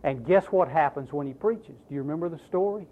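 Male preacher, sermon, highish voice with swooping emphasis, tinny narrow recording. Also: fairly quick. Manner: animated, emphatic preaching with rhetorical questions. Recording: tinny, phone-like narrow sound.

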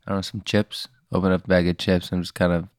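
A man's voice: deep voice, flat delivery, fast, no room sound, clean studio sound. A man playing in an improvised tabletop game, talking hesitantly with lots of stammers and fillers. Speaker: player.

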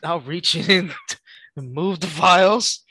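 A man's voice: sits high, slow, sharp tone, breathy edge, no echo. A man playing a tabletop game, describing his character's actions in a joking way. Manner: joking, laughs often. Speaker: player.

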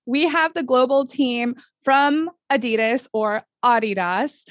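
A woman hosting a podcast interview, gushing and enthusiastic, talking in quick bursts with frequent laughs. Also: high-pitched, no echo. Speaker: podcast host. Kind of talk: upbeat casual interview.

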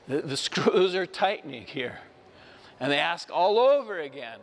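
Man preaching a lively homily in a reverberant hall. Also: fairly high pitch, a little slow. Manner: lively storytelling, acts out quoted voices, laughs often. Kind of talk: Sunday homily. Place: church.

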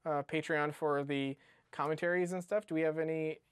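Chatty joking man, slightly high voice. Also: steady tone, brisk, smooth, no echo. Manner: joking, rambling, laughs often. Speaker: podcast co-host. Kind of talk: casual chat.

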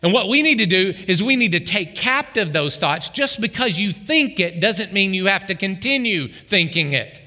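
Animated preacher with a high bright voice. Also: male voice, normal speed, few pauses, in a large hall. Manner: animated, calls out to the congregation. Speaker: pastor. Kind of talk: sermon.

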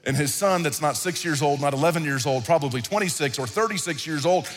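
Pastor preaching in a big hall. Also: male voice, on the high side, fast talker. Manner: animated, conversational preaching with repetitions. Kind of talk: sermon. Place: large hall, church service. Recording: reverberant hall with faint music.

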